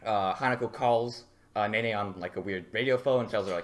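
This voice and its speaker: A man's voice: on the low side, fairly quick, hardly any pauses. A man co-hosting a casual anime podcast, blunt and profane, often breaking into laughter. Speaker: podcast co-host. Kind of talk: casual chat about anime.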